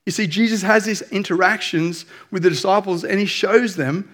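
Candid, higher-voiced male pastor. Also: normal speed, fairly bright tone. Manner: candid, self-deprecating storytelling. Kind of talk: conversational sermon.

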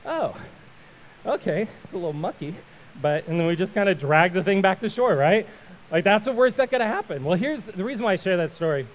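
A male pastor giving a sermon, telling a story with lively acted-out voices before turning to prayer. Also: sits high, fast talker, slight background noise, poor audio. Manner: animated storyteller, acts out voices and shouts.

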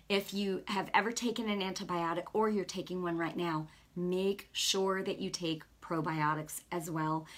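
A woman's voice: lowish voice, fairly bright tone. A middle-aged woman giving an earnest, conversational sermon, telling a personal story with lots of casual asides. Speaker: preacher.

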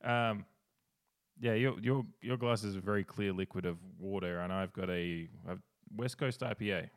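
Australian man, podcast co-host, casual rambling chat, fairly low voice, laughs a lot. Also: moderate pace.

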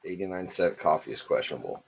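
A man co-hosting a casual podcast, relaxed and laughing easily as he talks things through. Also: deep voice, fast talker, vocal fry, crowd noise. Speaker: podcast co-host, snake seller. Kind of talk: casual chat.

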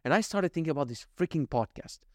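A man's voice: on the high side, lively intonation, fast talker, no echo, studio quality. A man hosting a casual solo podcast, rambling and joking, swearing freely and acting out little scenes. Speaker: podcast host.

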